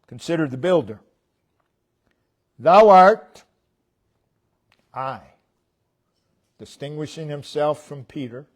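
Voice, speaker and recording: A man preaching a sermon as pastor. He speaks deliberately and stresses key words loudly, then drops his voice low at the ends of phrases. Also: expressive. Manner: emphatic, deliberate, with sharp swings between loud stresses and quiet drops. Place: church.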